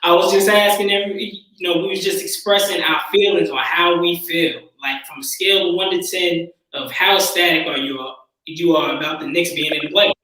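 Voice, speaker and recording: A man from Yonkers hosting a casual sports chat on a live stream, relaxed and repeating his phrases with lots of fillers. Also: high voice, a little fast, distant mic. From Yonkers, New York. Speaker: stream host. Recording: echoey room, away from the mic.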